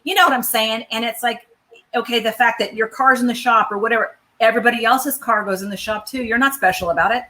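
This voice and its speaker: Bright, chatty woman hosting a talk show. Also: on the high side, fast talker. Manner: chatty and expressive, acts out quotes with laughter. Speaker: show host. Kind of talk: casual interview chat.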